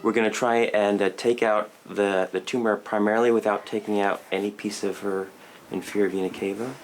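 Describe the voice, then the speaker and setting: A man working as a surgeon, calmly walking a family through an operation, halting and repeating words as he explains. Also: lowish voice, faint music behind. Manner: halting, repeats words, calm and matter-of-fact. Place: hospital.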